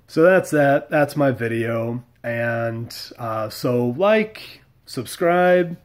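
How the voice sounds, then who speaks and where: A man's voice: mid-range voice, animated, drawn-out words. A middle-aged man from the United States telling a story to camera in a blunt, wry way, with mild cursing. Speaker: vlogger. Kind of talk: casual storytelling monologue.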